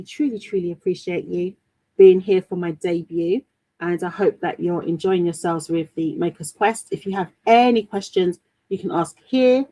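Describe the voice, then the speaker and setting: In this poor-quality audio, a British woman with a lowish, darkish voice hosts a crafting livestream. She's an adult and a mother to a daughter, chatting casually and reading out viewer comments, with plenty of fillers and restarts along the way.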